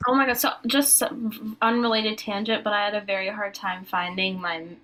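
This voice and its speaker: A woman's voice: medium pitch, fairly even intonation, normal speed, a bit bright, low-quality recording. A woman singing student asking questions in a lesson, rambling and hesitant with many fillers.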